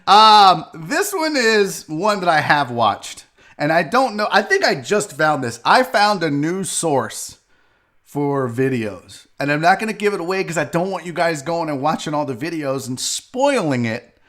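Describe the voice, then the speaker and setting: A man hosting a live online sports and comedy show, his voice bright and sharp. His pitch swings widely as he rambles to viewers by name and swears freely. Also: very animated, a little slow. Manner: loud, profane and joking, often laughing and shouting while reacting to clips. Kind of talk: casual live-stream commentary.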